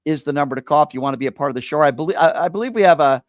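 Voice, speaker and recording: Male talk radio host, fairly high voice, punchy and opinionated, dry close-miked studio. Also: no room sound. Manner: lively, opinionated, talks fast at times.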